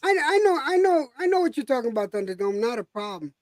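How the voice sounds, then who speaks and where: A woman's voice: a little high, very animated, fast, a little mellow, no room sound. A woman in a casual chat who talks bluntly, curses freely and reassures the people she is talking with.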